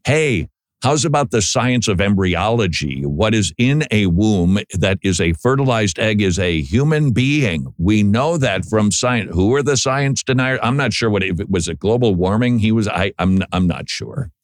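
Low-voiced sardonic male commentator. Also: lively intonation, normal speed, dry recording, clean studio sound. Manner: sardonic, conversational, with repeated restarts. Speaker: political commentator. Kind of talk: commentary on played clips.

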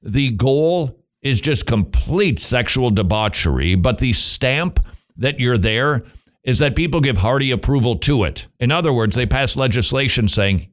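A man hosting a Christian talk radio show, joking and animated, slipping into quoted voices. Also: medium pitch, unhurried. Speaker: radio host.

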